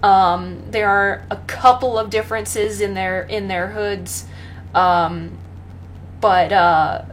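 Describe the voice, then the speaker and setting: A young woman chatting casually about her pets, rambling with many pauses and fillers and often breaking into laughter. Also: medium pitch, fairly even intonation, a little hiss or hum. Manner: rambling, full of ums and laughs, talks to her cat. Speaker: pet owner vlogger. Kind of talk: casual chat.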